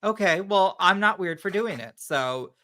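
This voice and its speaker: A man's voice: high-pitched, expressive, measured pace, sharp tone, a little hiss or hum. A man co-hosting a horror podcast, chatting casually and gushing with slangy asides. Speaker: podcast co-host. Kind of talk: casual chat.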